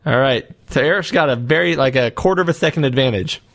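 A man's voice: mid-range voice, fast, vocal fry, fairly bright tone. A man in an easygoing podcast chat, wandering through his thoughts with plenty of fillers and jokes. His voice sits in a middle register. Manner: rambling, joking, filler-heavy. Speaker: podcast host. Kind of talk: casual chat.

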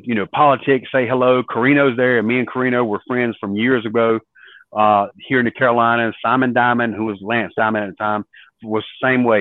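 A man and former wrestler, a podcast guest, telling lively stories and acting out what others said. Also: medium pitch, no echo. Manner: animated storyteller acting out quoted voices. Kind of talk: storytelling in an interview. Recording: dry tinny phone-like line.

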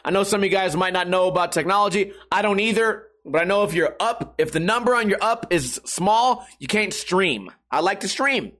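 A man's voice: high-pitched, expressive, moderate pace, hardly any pauses, a bit bright. A young man talking straight to camera in a casual, sarcastic rant, swearing freely as he vents about his internet and skating. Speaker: skateboarder vlogger. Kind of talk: casual profane monologue.

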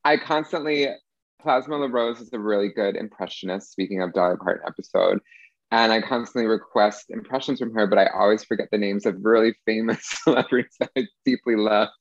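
A man's voice: fairly low pitch, fairly quick, no echo, lo-fi sound. A young man co-hosting a podcast in casual chat, rambling and losing his train of thought. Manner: rambling, trailing off mid-thought. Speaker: podcast co-host.

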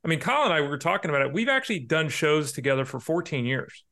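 A man who hosts fantasy sports shows, speaking fast in a fairly high, bright voice. He chats in a friendly, easy way and leans on casual fillers as he talks. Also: big pitch swings. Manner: chatty, friendly, fillers like "I mean" and "like". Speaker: fantasy sports radio and podcast host. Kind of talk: casual podcast chat.

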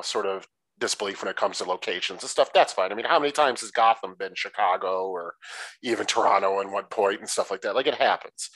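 A man from the Detroit area co-hosting a casual movie review podcast, talking in a blunt, animated and profane way. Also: medium pitch, dry recording, low-quality recording. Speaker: podcast co-host.

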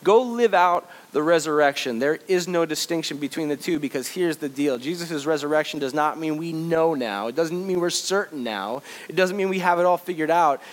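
Man preaching, from booming to hushed. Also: moderate pace, hardly any pauses, low-quality recording. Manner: swings from loud exhortation to soft reflection; conversational storytelling with fillers. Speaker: pastor. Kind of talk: sermon.

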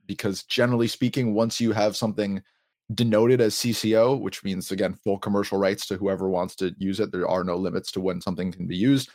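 A man hosts a podcast in a casual, talkative way, often breaking into small laughs as he explains. His voice sits on the low side. The recording is dry and close, with no room sound. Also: darkish tone, no room sound. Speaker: podcast host.

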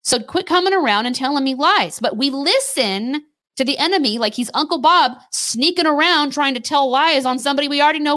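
A fairly high-pitched woman talks through a casual faith discussion as co-host. She tells lively stories, repeats her points for emphasis and restarts sentences mid-thought. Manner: animated storyteller, quick restarts and emphatic repetition. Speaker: podcast co-host.

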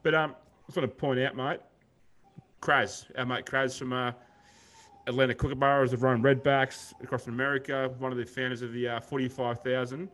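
A man's voice: medium pitch, level tone, moderate pace, fairly bright tone. A man with an Australian accent co-hosting a podcast, chatting in a rambling, laid-back way and calling his co-host mate. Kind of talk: casual chat.

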